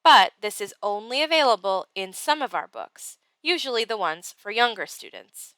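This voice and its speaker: A woman's voice: medium pitch, sing-song, moderate pace, bright, forceful tone, clean tone, no echo. A woman teacher patiently explaining a reading program step by step and reading a picture book aloud. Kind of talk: classroom tutorial and read-aloud.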